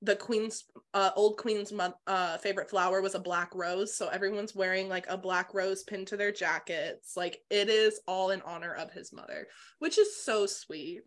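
A young woman co-hosting a casual book discussion podcast, animated and profane, laughing often. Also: mid-range voice, normal speed. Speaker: podcast co-host.

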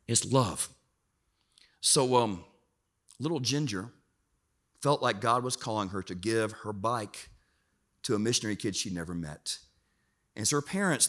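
Male pastor, middle-aged, bright tense voice, slightly high, animated storytelling sermon. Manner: animated storyteller, acts out family members in raised voice. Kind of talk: sermon with personal stories.

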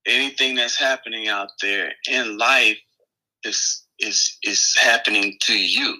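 A man co-hosting a casual spiritual podcast, thinking aloud in halting phrases with many fillers and restarts. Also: on the low side, steady tone, pushed and bright, low-quality recording. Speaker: podcast co-host.

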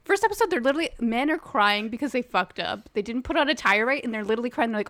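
Woman, high-pitched, casual chat, excited, laughing, swears casually. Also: fast talker, hardly any pauses, dry recording. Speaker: podcast co-host.

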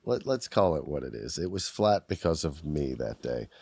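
Rambly guy on a chat podcast, low voice that swings up and down a lot, swears, dry sound. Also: very animated, moderate pace, gravelly, a little mellow, husky, no room sound. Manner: rambling, apologetic, laughs often, swears. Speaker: podcast co-host. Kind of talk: casual chat. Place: Los Angeles, recording over video call.

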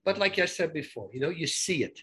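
A man telling stories in casual conversation, animated, and often repeating words and restarting his sentences. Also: fairly high pitch, quick pace, background noise. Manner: animated, acts out both sides of conversations.

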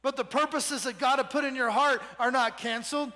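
A man's voice: extremely high pitch, fairly even intonation, brisk, sharp tone, big-room sound. A man preaching a sermon to a congregation with energy, leading them in call-and-response. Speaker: pastor.

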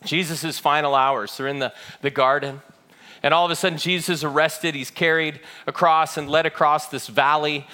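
A man preaching a sermon as a pastor, telling the story dramatically, moving between loud, quick passages and hushed, slow ones. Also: on the high side, steady tone.

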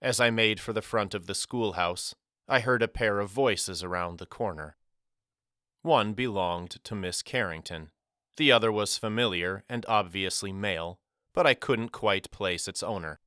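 Male narrator, bright and crisp, with a dry, close sound; measured storytelling read. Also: lowish voice, dry recording. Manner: measured first-person storytelling. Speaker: audiobook narrator. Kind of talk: scripted narration.

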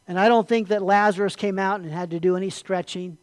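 Pastor giving an animated sermon in a dry, close sound; dramatic drops to a near-hush, then big lifts. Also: medium pitch, brisk, hardly any pauses, no room sound. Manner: animated, swinging from hushed to loud; rhetorical questions.

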